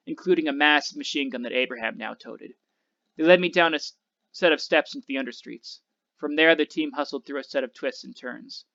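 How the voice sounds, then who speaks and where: Male teacher reading a novel aloud, steady and expressive, bright and gravelly voice. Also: medium pitch, dull audio.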